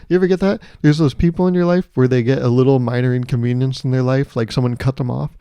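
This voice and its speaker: A man's voice: medium pitch, steady tone, fast, few pauses, dark tone, clean tone, no echo, clean studio sound. A man hosting his own podcast, ranting alone in a sarcastic, profane, joking way and often laughing at his own lines. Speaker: podcast host. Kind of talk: solo comedic podcast monologue.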